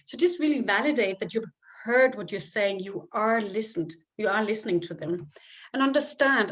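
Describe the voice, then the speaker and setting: A woman giving calm, step-by-step parenting advice as a coach, sometimes acting out what to say to a child. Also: mid-range voice, moderate pace. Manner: calm, explains step by step and acts out example phrases to a child.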